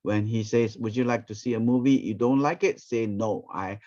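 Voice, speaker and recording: A man, teaching a ministry training session through lively stories and acted-out quotes. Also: on the low side, moderate pace. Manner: animated, acts out quoted speech. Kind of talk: storytelling teaching talk. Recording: dull, muffled recording.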